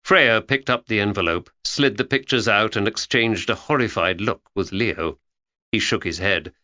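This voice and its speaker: Male audiobook narrator, bright and lively, with a dull, lo-fi sound. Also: fairly low pitch, moderate pace, no room sound. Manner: expressive storytelling. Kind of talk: scripted narration.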